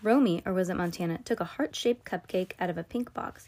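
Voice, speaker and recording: A woman's voice: fairly low pitch, a little fast, few pauses, darkish tone. A woman reading a novel aloud casually, correcting herself and adding chatty asides. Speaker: reader.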